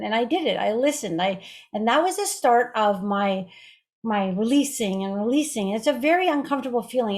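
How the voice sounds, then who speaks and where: A woman hosting a group video call, telling a personal story in a chatty, rambling way with frequent restarts and asides. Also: on the high side. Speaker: group call host and healer.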